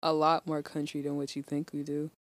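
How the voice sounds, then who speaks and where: A woman's voice: sits low, monotone, fairly quick, dry recording. A young woman with a Philadelphia accent co-hosting a podcast, chatty and playful with lots of giggles. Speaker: podcast co-host. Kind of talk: casual chat.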